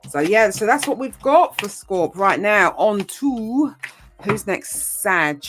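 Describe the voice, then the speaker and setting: A woman's voice: mid-range voice, lively intonation, slow pace, a bit bright, soft background music. A woman giving a casual tarot reading, chatty and rambling, with frequent ums and mild swearing. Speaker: tarot reader.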